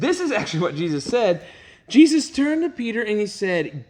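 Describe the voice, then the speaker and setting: A man teaching a youth group in a casual, animated storytelling way, laughing often and using casual fillers. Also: on the high side, fast talker. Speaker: youth pastor.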